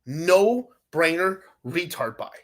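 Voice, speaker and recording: A man's voice: a little high, expressive, takes it slowly, fairly bright tone. A man streaming about crypto, talking to his chat in a profane, exasperated, rambling rant.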